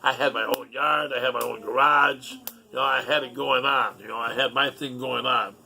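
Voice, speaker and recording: A man's voice: mid-range voice, steady tone, moderate pace, vocal fry, pushed and bright. A middle-aged man telling a rambling personal story in a casual, profane, aggrieved way.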